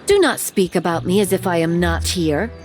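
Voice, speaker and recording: A man's voice: high-pitched, animated, normal speed, music in the background, voice pushed up. A man voicing a sly young island woman who mocks an official with dry, teasing retorts.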